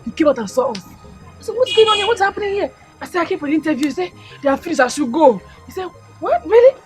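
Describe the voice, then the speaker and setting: Nollywood drama: bubbly young Nigerian woman, high and animated, music under. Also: fast, low-quality recording. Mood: excited. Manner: excited, storytelling with quoted voices. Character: overjoyed young woman who just got a job.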